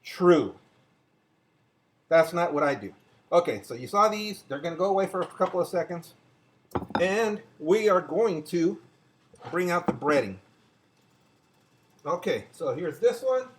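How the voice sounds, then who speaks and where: An older man with a high-pitched, animated voice hosts a casual home cooking show in his kitchen, chatting with viewers and walking them through each step as he cooks. He speaks at a measured pace with long pauses, and the background is noisy.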